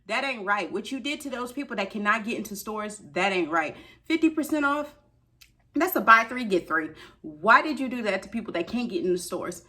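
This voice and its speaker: A woman's voice: medium pitch, lively intonation, fairly quick, bright, forceful tone. A woman, ranting in a casual vlog and talking straight to her viewers with slangy asides. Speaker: beauty shopping vlogger.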